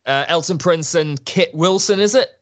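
A man's voice: fairly high pitch, normal speed. A man as a guest on a podcast, chatting about wrestling with keen enthusiasm. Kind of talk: casual wrestling chat.

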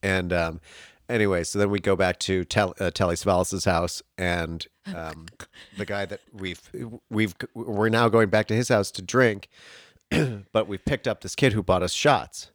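A man in casual chat, telling a story in an animated, breathless way, with bursts of laughter and swearing. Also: low voice, a little slow, no room sound, studio quality.

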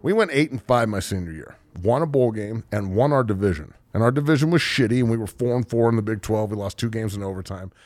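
A man's voice: lowish voice, expressive, fast, few pauses, a little mellow, no room sound. A man in his forties, talking casually about sports as a podcast host, heated, profane and emotional. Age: 40s. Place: studio.

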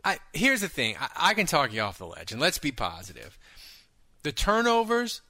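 A man hosting a casual sports talk show, animated and quick with asides, often repeating words as he thinks. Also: fairly high pitch, no room sound. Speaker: podcast host.

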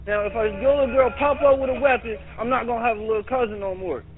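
Urgent male caller, high voice, pushy and frustrated, tinny phone sound. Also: steady tone, fast. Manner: insistent, exasperated, pleading for police. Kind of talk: urgent emergency call. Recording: noisy tinny phone line.

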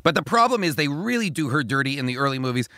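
A man's voice: a little high, sing-song, fast talker, bright, forceful tone, dry recording, studio quality. A man, a comedian guest on a podcast, eagerly explaining in casual chat and often restarting his phrases.

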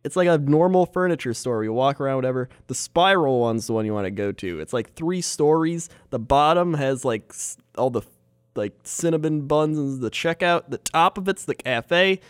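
A man co-hosting a casual chat, relaxed and quick to laugh. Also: medium pitch, clear, resonant tone, no echo, clean studio sound. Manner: easygoing, laughs a lot. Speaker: podcast co-host.

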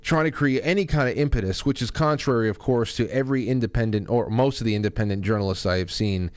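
A man's voice: mid-range voice, fast talker, darkish tone, clear, resonant tone. A male host giving angry, insulting, sarcastic political commentary, ranting about news clips.

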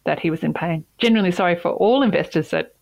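A woman with a somewhat low voice tells a personal story in an interview with earnest emphasis. She doubles back on words to stress her point. The sound is dry and close. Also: fast talker, darkish tone, no echo, dull audio. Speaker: CEO, interview guest.

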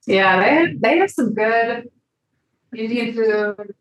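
A woman's voice: fairly high pitch, expressive, slow pace, roomy sound, highs cut off. A woman hosting a podcast, asking friendly questions and trailing off now and then. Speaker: podcast host. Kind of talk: interview questions, casual chat.

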